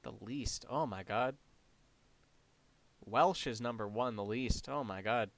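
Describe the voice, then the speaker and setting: Young Canadian guy, light accent, deadpan and wry, casual stream banter. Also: medium pitch, slow, dry recording. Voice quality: flat, deadpan delivery. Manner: wry, sarcastic reactions. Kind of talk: casual gaming stream chat.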